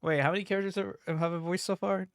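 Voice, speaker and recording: A man's voice: sits high, fairly even intonation, quick pace, no room sound, studio quality. Joking man voicing a game. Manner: joking, scattered, talks over himself. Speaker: game player. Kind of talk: casual chat while voicing a game.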